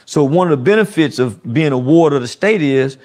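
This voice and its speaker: A man telling his life story in conversation, earnest and halting, with frequent restarts. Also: a little high, animated, a little mellow.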